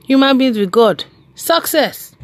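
Lively woman preaching. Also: high-pitched, a little slow, no echo. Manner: animated, laughing, storytelling, emphatic repetition. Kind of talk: devotional preaching.

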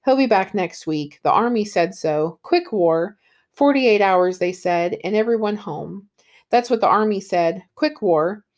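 A woman's voice: mid-range voice, expressive, unhurried, darkish tone, close to an everyday voice. A woman reading as a chattering, careless housewife. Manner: repetitive, breezy and careless.

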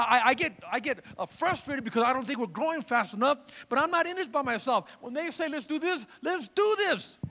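A man's voice: very high voice, pushed and bright, long reverb tail, slight background noise. A male pastor preaching a fervent sermon, calling out to his congregation for responses. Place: church.

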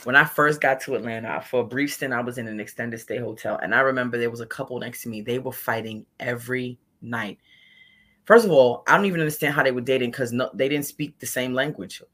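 A woman from Brooklyn telling stories on a podcast in a blunt, emphatic, animated way. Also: very deep voice, fast. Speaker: guest co-host. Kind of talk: casual podcast chat.

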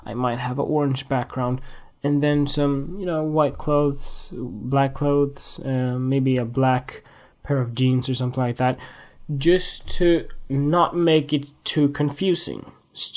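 A casual solo podcaster, a working photographer, who thinks out loud. The talk wanders and restarts, breaks into giggles and silly asides, then drifts back on topic. The pitch sits mid-range. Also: steady tone, slow pace.

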